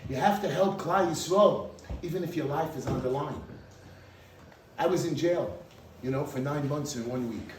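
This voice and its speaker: A man giving a speech at a party, telling a dramatic story with an animated delivery. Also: a little high, normal speed, a little hiss or hum. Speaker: speaker at a party. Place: event hall. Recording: echoey hall, mic from far off.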